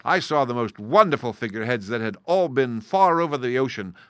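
A man reading a classic adventure novel aloud as an audiobook, in steady, measured storytelling narration. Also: medium pitch, no room sound, clean studio sound. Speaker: audiobook reader. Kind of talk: scripted narration.

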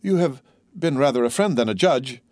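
A man's voice: mid-range voice, expressive, moderate pace, a little mellow, no room sound, clean studio sound, natural voice. A man voicing an earnest young sailor held as a prisoner, speaking in an eager, pleading way in a raised voice. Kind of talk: audiobook character voice.

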